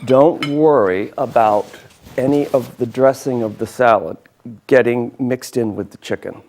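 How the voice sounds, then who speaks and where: A man hosts a homey local cooking show. He talks in a chatty, enthusiastic way while demonstrating a dish, and keeps talking even while chewing. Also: medium pitch, vocal fry. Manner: chatty, enthusiastic, eats and talks with mouth full.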